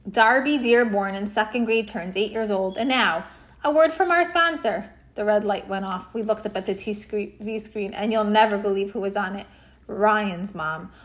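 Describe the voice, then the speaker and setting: A woman's voice: a little high, moderate pace. A woman reading a children's chapter book aloud at home, acting out the dialogue with big jumps in her voice. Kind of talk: expressive read-aloud storytelling.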